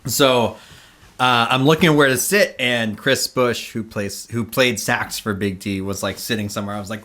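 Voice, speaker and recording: A man's voice: medium pitch, normal speed, fairly bright tone. A man hosting a podcast, telling a long casual story full of fillers and acted-out quotes. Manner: rambling, many fillers, acts out quotes. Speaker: podcast host.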